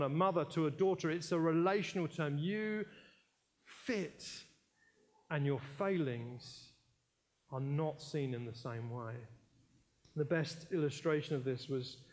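A man's voice: a little high, a little slow. A British man preaching a sermon in a church, emphatic, repeating key phrases and telling anecdotes with jokey asides.

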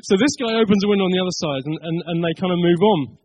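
A man's voice: high-pitched, racing, darkish tone, no room sound, rough recording. A middle-aged man from England preaching a sermon, telling a family story in a chatty way. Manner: chatty storyteller, laughs at his own tale.

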